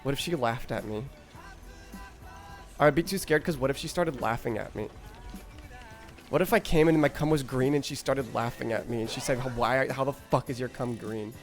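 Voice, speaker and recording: A man's voice: mid-range voice, normal speed, long pauses, faint music behind. A man streaming a game, rambling and joking with chat in crude casual talk, often stammering.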